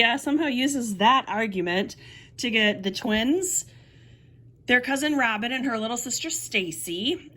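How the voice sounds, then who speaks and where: A woman's voice: medium pitch, fairly bright tone. A woman giving a casual book review, wry and sarcastic, laughing now and then as she talks.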